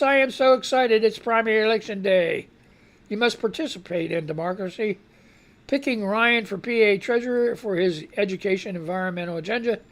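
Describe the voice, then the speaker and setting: A man hosting a live radio news show, reading headlines aloud and breaking off into rambling, exasperated reactions while trying not to cough. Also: high voice. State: fighting a cough. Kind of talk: casual live news commentary.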